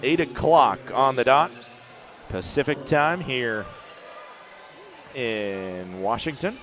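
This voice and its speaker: A man doing play-by-play commentary for a basketball game, rising to shouts on big plays, with faint court noise behind him. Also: medium pitch, animated, slow pace. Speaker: play-by-play announcer. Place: arena broadcast booth.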